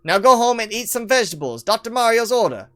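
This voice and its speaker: A man's voice: extremely high pitch, big pitch swings, fast, fairly bright tone, voice pushed up, heavily acted. A man doing a mock Italian-style voice for a cheerful cartoonish plumber hero, exclaiming playfully. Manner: exaggerated mock accent, exclaiming.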